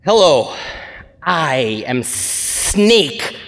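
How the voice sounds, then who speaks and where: A man's voice: a little high, big pitch swings, extremely slow, creaky, over a noisy crowd, heavily acted. A man playing a boastful male pro-wrestler giving a theatrical promo on a convention stage. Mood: grandiose. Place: convention stage with live audience. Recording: reverberant convention hall.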